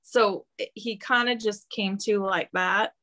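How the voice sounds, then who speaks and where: A woman working as a medium, relaying a spirit's answers in a hesitant interview with many pauses and ums. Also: medium pitch, fairly even intonation, pushed and bright. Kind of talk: channeling interview, relaying quotes.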